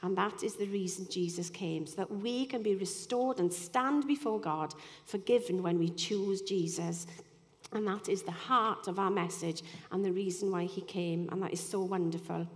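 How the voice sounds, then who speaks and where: A woman's voice: medium pitch, moderate pace. A woman giving an earnest, conversational sermon, dotted with "you know" asides. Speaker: speaker giving a devotional talk. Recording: long hall reverb.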